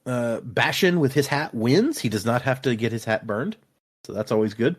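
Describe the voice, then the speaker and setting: A man's voice: medium pitch, moderate pace, slightly rough. A man casually recapping book chapters for a podcast, slipping into playful quoted voices. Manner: animated, recaps scenes with lively acted-out quotes. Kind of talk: casual book club chat.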